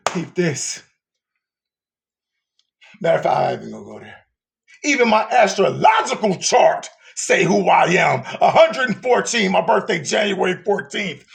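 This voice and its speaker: A man preaching an emotional sermon, swinging from shouting to hushed whispers. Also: high voice, very animated, normal speed, creaky.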